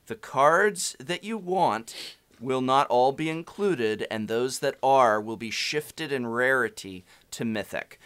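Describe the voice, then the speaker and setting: A man co-hosting a podcast in relaxed chat. His voice is bright and clean. He delivers jokes in a dry, mock-formal way and gives firm opinions. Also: medium pitch, clean tone. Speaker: podcast co-host, card game reviewer.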